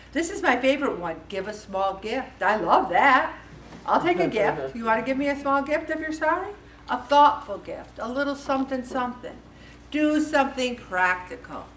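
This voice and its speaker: Woman, 50s, group leader, chatty and lively, higher voice, miked from across a roomy hall. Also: slight background noise. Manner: chatty and animated, acts out quoted voices. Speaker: faith-based support group leader. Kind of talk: casual talk to a group. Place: meeting room. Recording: echoey room from far off.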